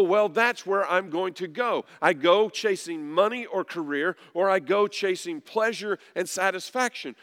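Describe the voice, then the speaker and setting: A pastor preaching a sermon, dropping low and soft at times, then rising loud to press a point. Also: male voice. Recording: long reverb of a large hall.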